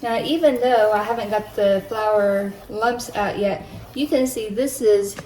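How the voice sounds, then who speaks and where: A woman's voice: medium pitch, unhurried, darkish tone, a little hiss or hum, rough recording. A middle-aged woman chatting through a cooking demonstration in her home kitchen, explaining each step as she goes. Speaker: home cook demonstrating a recipe. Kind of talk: casual cooking tutorial.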